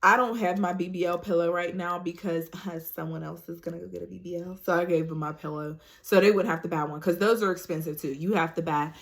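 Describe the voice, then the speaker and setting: Lively young woman telling her story. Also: on the low side, fairly quick, gravelly, hardly any pauses. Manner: animated, acts out quoted voices, laughs often. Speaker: vlogger. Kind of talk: casual storytelling vlog.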